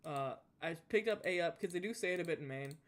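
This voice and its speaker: This gaming YouTuber has a mid-range voice, talks quickly and with animation, and carries a Southern US accent. The young adult chats casually during a game, rambling and restarting often.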